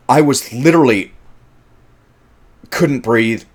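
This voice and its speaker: A man's voice: mid-range voice, normal speed, a bit bright. A man in the middle of his range talks through a film he loves in a casual review monologue. He is emphatic and heated, swears freely, and keeps restarting his sentences as his feelings run ahead of his words.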